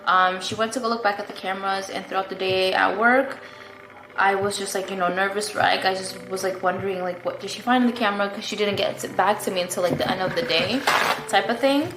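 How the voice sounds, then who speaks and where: A young woman chatting casually to her camera, rambling through a story with plenty of "like" and "um". Her voice sits at an ordinary middle pitch. The room is echoey, with a faint hum of ambience behind her. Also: steady tone, fairly quick. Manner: chatty, rambling, lots of fillers and "like". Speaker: vlogger. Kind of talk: casual story-time chat.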